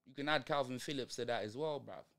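A young man with a London accent calls a match live for his stream, piling on slang and exclamations. His voice is bright and carrying, with a smooth, clean tone. He moves quickly between rants about the team and outbursts at the play. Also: mid-range voice. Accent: London multicultural English. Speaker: football watch-along streamer. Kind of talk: live watch-along commentary.

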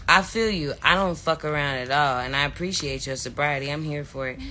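A woman's voice: low-pitched, a little fast, bright, forceful tone, slight background noise. A woman on a livestream, chatting casually and telling stories in a brash, swearing way. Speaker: host.

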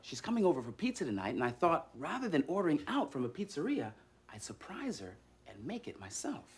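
A man's voice: fairly high pitch, wildly swooping pitch, fairly quick, husky. A man hosting a children's educational TV show, talking playfully straight to the viewer. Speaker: host. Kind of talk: children's TV presenting.

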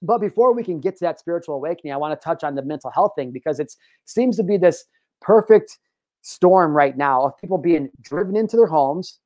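An American man hosting a podcast interview, talking in an animated, emphatic way. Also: fairly high pitch, fairly quick, dry recording. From United States. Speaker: podcast host. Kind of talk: casual interview chat.

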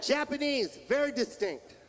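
A male stand-up comedian performing a set, loud and punchy, shouting his punchlines into a live show mic. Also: very high voice, expressive, moderate pace.

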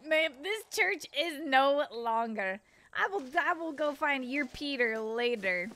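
A woman's voice: high-pitched, lively intonation, slow pace, fairly bright tone. A woman streamer giving playful, chatty let's play commentary to her viewers.

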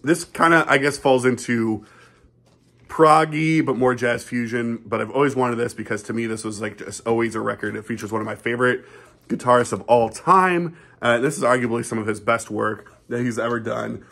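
A man with a husky voice, hosting a casual, laid-back chat about records he found. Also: mid-range voice, fairly even intonation, normal speed, a bit bright. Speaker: channel host, record collector.

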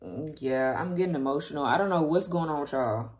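Low-voiced woman giving a casual tarot reading. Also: fast talker, few pauses, a little mellow. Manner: chatty, emotional, talks straight to viewers. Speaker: tarot reader.

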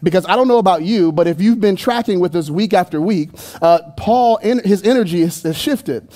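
A man's voice: sits high, brisk, mellow. A man preaching a sermon in a church, talking in a loose, playful, conversational way with jokes and asides to the congregation. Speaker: pastor. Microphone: handheld microphone.

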